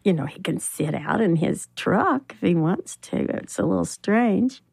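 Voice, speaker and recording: An older woman with a Southern American accent, telling her own story in an interview, slow and plainspoken. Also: medium pitch, animated, vocal fry, darkish tone, breathy edge, dry recording. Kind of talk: recounting a personal story in an interview.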